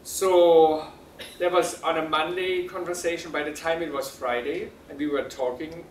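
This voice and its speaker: A man telling a personal story to an audience, halting and full of fillers, laughing often. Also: a little high, steady tone, a little hiss or hum. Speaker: speaker at a talk. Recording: roomy sound from a distant mic.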